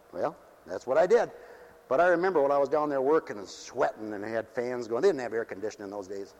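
A man's voice: mid-range voice, animated, fast, darkish tone. A man pastor preaching a sermon in a mission church hall, folksy and joking, and he swings up into fervent hallelujahs.

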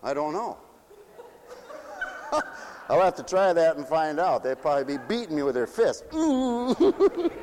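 A man pastor preaching a sermon, playful and laughing, swinging from loud to hushed. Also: a little high, sing-song, slow, pauses often, long reverb tail.

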